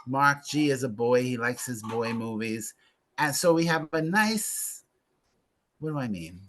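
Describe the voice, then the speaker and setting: A man's voice: mid-range voice, animated, a little slow, a bit bright, slight background noise. A man hosting a casual movie club chat, gossiping and making sarcastic asides about a film and its cast.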